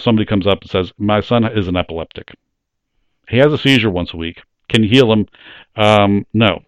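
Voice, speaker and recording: Lowish-voiced man preaching conversationally. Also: lively intonation, normal speed, clear, resonant tone, no echo. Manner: conversational, plain-spoken teaching with rhetorical questions. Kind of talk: sermon.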